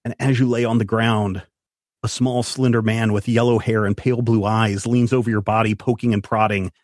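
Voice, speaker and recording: A man's voice: lowish voice, level tone, normal speed, darkish tone, dry recording, clean studio sound. A man running a tabletop role-playing game, narrating scenes and explaining rules with some restarts. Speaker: game master.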